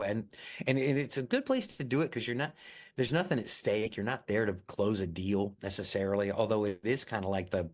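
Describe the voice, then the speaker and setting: A middle-aged actor talking as an interview guest, upbeat and chatty. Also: male voice, fairly low pitch, fairly quick. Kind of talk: casual interview chat.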